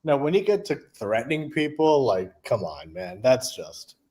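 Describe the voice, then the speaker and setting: Blunt, profane man, mid-pitched. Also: big pitch swings, moderate pace, a little mellow. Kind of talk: casual podcast chat.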